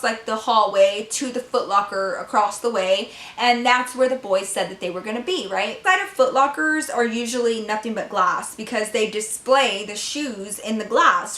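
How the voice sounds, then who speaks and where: A woman in her twenties telling a storytime vlog, profane and animated, talking straight to her viewers. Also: on the high side. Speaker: vlogger. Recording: echoey room.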